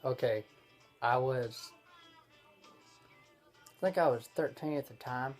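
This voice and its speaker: A young man, telling a story in halting casual chat as a vlog co-host. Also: medium pitch, faint music behind. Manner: halting, full of restarts and fillers.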